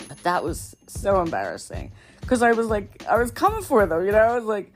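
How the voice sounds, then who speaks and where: A woman hosting a podcast, telling embarrassing stories in a casual monologue, often laughing, her voice jumping high when she gets excited. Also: brisk, soft background music. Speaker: podcast host.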